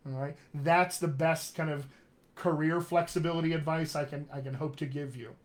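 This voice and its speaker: A man's voice: a little high, fairly even intonation, moderate pace. A man coaching actors lesson, upbeat and encouraging, talking straight to his viewers as friends. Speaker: dialect coach. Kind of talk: live-streamed accent lesson.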